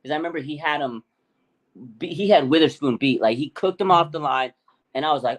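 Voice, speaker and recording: A man co-hosting a sports talk show, chatting excitedly and acting out quotes with big swings in his voice. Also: fairly high pitch, brisk. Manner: animated, hyped, acts out quotes. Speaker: podcast co-host. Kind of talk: excited casual sports chat.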